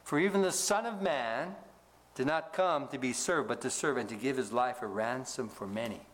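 A male pastor preaching a sermon, asking the congregation to fill in words, rising for emphasis and dropping low to close each point. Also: moderate pace.

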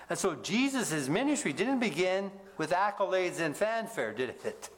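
A male pastor preaching a sermon, asking the congregation to fill in words, rising for emphasis and dropping low to close each point. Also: very animated, normal speed, few pauses, a little hiss or hum.

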